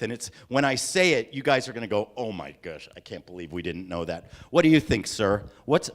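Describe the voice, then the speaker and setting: A man leading a live, interactive creativity talk for an audience, theatrical and animated, often acting out voices and scenes. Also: on the high side. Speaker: creativity workshop speaker. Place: lecture hall with audience.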